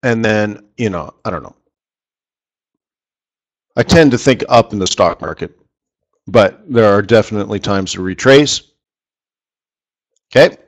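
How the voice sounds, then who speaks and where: A man's voice: fairly low pitch, a little slow, pauses often. A man hosting a live forex trading session, chatty and rambling, tossing questions to his viewers as he goes.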